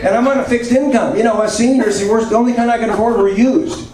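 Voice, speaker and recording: This stand-up comedian, a man in his seventies, talks fast in a very high voice with fairly even intonation. His set is rambling and self-mocking, recorded from a distance in an echoey club as the audience laughs.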